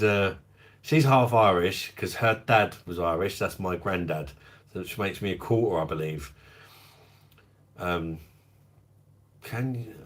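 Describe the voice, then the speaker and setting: A man hosting a casual livestream, chatting in a jokey way, laughing often and reading out and answering viewer comments. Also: low-pitched. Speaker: livestream host of a beer review channel.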